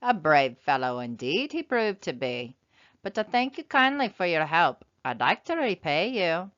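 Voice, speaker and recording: A woman voicing a tiny mischievous male leprechaun with a high, shrill, loud voice in a storybook reading. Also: very animated, unhurried. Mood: sly. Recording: slightly dull lo-fi sound.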